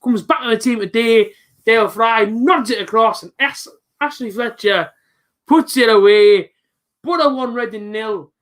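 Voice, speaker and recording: A young man hosting a live football reaction stream, chatting casually with viewers and breaking into excited shouts at big moments. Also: very high-pitched, moderate pace. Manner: chatty, jumps to excited shouting at goals, reads out viewer comments.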